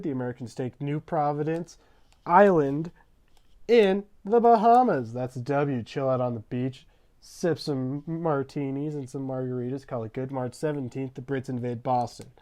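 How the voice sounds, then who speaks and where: Young male narrator, mid pitch, jokey slang-filled history recap with deadpan asides. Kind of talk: comedic history narration over gameplay.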